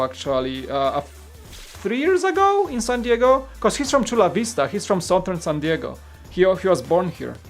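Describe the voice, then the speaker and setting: On a livestream, a Polish man chats casually and rambles, pausing now and then to read viewer comments aloud. His voice is a bit high for a man, and soft guitar music plays faintly in the background.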